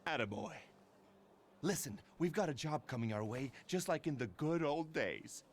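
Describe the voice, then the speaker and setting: A swaggering gang boss. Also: male voice, on the high side, lively intonation, moderate pace, slight background noise. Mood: scheming. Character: gruff, loyal middle-aged male gang boss. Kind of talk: video game voice acting.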